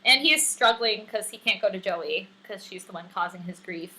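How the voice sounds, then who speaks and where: A woman's voice: medium pitch, expressive, normal speed, bright, forceful tone, low-quality recording. A woman co-hosting a podcast, chatting casually and animatedly with lots of fillers and laughs. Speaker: podcast co-host. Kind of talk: casual recap chat.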